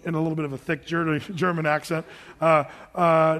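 A man's voice: fairly high pitch, steady tone, fairly quick, fairly bright tone. A male preacher telling a personal story to his congregation, chatty and self-amused, often laughing. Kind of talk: storytelling sermon to a live congregation. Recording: long reverb of a big hall.

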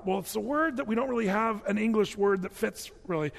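A man with a high voice preaches a sermon, retelling Bible stories with animated, folksy asides. His voice rings out with a long hall reverb. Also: fast, gravelly, few pauses. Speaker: pastor.

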